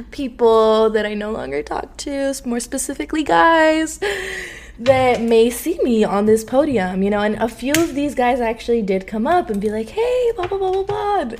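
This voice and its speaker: Animated young woman telling a story. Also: on the high side, slight background noise. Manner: animated, slangy, laughing often. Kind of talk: casual storytelling.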